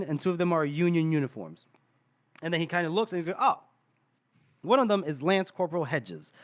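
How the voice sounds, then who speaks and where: A man co-hosting a podcast, animatedly retelling a story and laughing often. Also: fairly high pitch. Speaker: podcast host. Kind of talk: casual chat.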